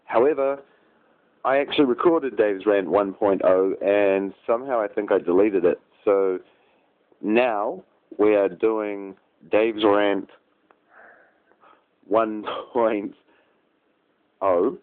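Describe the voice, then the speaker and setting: A man's voice: on the low side, normal speed. A man rambling through a crude, improvised nonsense story, giggling at his own jokes. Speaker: vlogger telling an improvised rant. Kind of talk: improvised absurd storytelling rant. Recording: tinny phone-like audio.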